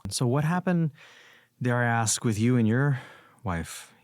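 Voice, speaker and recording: A married man responding slowly and thoughtfully during a counseling talk. He has a mid-pitched voice, and the recording sounds dry and close, with no room echo. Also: animated, a little mellow. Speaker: married guest in counseling session.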